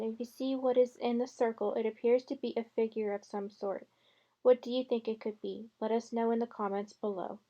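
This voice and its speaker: Lady reading a calm scripted voiceover, a bit high voice, muffled audio. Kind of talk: scripted voice-over narration.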